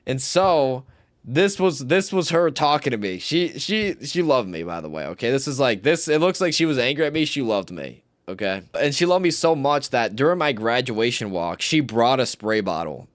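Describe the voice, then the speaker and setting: A man's voice: mid-range voice, sing-song, moderate pace, dry recording, studio quality. A young man streaming live, telling rambling, slangy stories and swearing often. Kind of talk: casual storytelling on a livestream.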